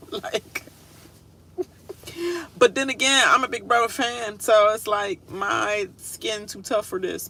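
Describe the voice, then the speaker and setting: A woman's voice: low voice, bright, forceful tone, slight background noise. A woman giving a casual, sassy reaction rant, laughing often and mimicking people in whiny voices. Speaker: reality show commentator.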